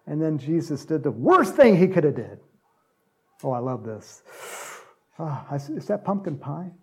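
A man's voice: fairly high pitch, very animated, normal speed, pauses often, breathy edge. A man preaching a conversational sermon as a pastor, acting out Bible characters in little voices.

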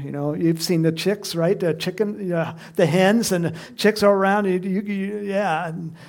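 A man's voice: on the high side, vocal fry, a little mellow. A man preaching a sermon in a conversational way, often asking his listeners questions. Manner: conversational, asks the congregation questions, laughs.

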